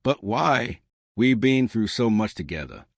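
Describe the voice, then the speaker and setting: Heartbroken young wife, voiced by a man narrator: soft, hurt, pleading, lively pitch. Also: a little slow, gravelly, no room sound, clean studio sound, exaggerated voice.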